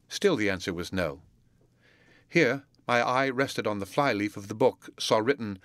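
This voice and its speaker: A man reading a classic novel aloud as an audiobook narrator, in a measured, deliberate way. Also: fairly low pitch, a bit bright, dry recording. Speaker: audiobook reader.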